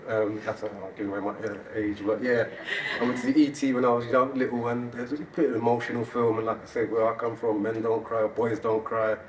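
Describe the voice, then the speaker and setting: A man sharing a personal story on stage at an event, animated and laughing as he talks. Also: medium pitch, fast, hardly any pauses. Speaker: event speaker. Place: event hall. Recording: roomy hall audio from a distance, audience noise.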